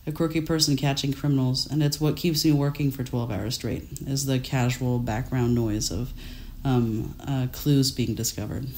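A woman's voice: a bass voice, steady tone, moderate pace, a little mellow, slight background noise. A woman in her thirties from France, a guest artist in casual interview chat, rambling and laughing often. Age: 30s.

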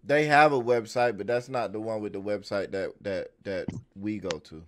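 A man's voice: fairly low pitch, normal speed, a crowd in the background. A man co-hosting a casual podcast, giving short agreeing replies. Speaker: podcast co-host.

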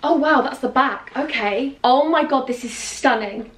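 An excitable young woman chats to her viewers in a gushing, animated way, her voice sitting a touch high. She is some way from the mic, and the room rings with echo. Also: measured pace. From England. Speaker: vlogger. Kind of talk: casual chat to camera. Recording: echoey room from a distance off the mic.

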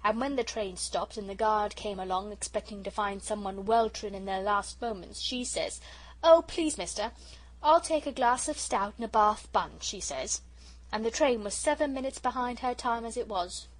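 A woman's voice: mid-range voice, normal speed, close to an everyday voice, low-quality recording. A woman reading an audiobook, voicing a chatty working-class railway porter who talks in a homely way. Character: gruff kindly middle-aged railway porter.

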